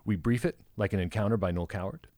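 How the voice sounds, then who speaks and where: A man's voice: lowish voice, fast talker, a little mellow, dry recording. A man co-hosting a casual podcast, trading wordplay and playful grandiose intros. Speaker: podcast co-host. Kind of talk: casual chat.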